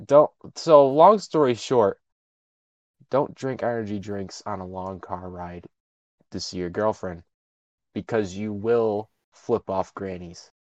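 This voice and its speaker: A man's voice: lowish voice, slow pace, no room sound, highs cut off. A young man co-hosting a podcast, telling a story in casual chat and acting out the people in it. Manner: animated storyteller, acts out voices. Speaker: podcast co-host.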